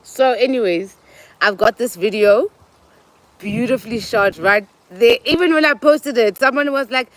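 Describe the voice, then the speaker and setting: A South African woman with a voice that sits a touch high, hosting her own show. She talks in a loose, chatty monologue and acts out the people in her stories. Local words slip in between the English. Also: moderate pace, no room sound, rough recording. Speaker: host. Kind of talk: casual monologue.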